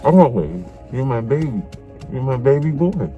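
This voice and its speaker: A man's voice: mid-range voice, big pitch swings, measured pace, warm tone, lo-fi sound, soft background music. A middle-aged man, a father, crying as he tenderly tells his son he loves him, repeating himself often. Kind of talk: emotional family conversation.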